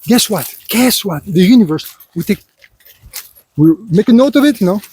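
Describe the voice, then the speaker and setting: A man's voice: high-pitched, animated, normal speed, a little mellow, slight background noise. A man speaking in an unscripted personal monologue, rambling and full of filler phrases as he lectures the listener and calls him "son". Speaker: vlogger.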